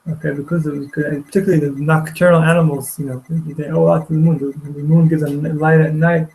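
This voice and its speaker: Male teacher, gravelly, somewhat high, halting storyteller. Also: flat delivery, a little mellow, poor audio. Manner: halting, repeats words, many restarts. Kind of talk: retelling a story in a lecture. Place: study hall.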